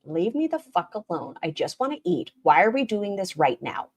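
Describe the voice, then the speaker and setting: Sarcastic woman streamer with an animated voice that swings up and down. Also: lowish voice, moderate pace, husky. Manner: snarky, animated, mocking. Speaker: stream host reacting to a video. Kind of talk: casual commentary.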